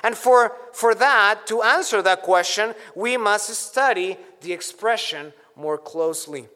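A man preaching an expository sermon, teaching deliberately and stressing key words as he quotes scripture. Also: high-pitched, bright, forceful tone. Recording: long hall reverb.

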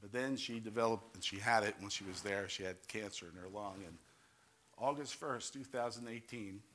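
An older man from New York with a New York accent, a pastor giving a fervent testimony sermon, rising to loud exclamations and calling for amens. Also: fairly low pitch, normal speed, a little hiss or hum.

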